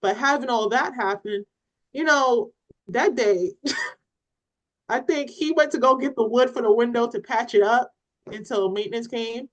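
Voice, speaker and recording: A woman's voice: a little high, unhurried, low-quality recording. A woman co-hosting a parenting podcast, telling a story in casual chat and acting out what people said, with laughter. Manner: animated, retells scenes with acted-out quotes and laughter.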